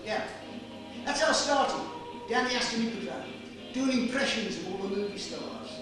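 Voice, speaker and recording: A man plays an earnest, slightly sheepish comic actor, speaking a little high. The stage play was recorded in an echoing theatre from far off, with music underneath. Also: expressive, normal speed. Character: modest working-class male comic actor.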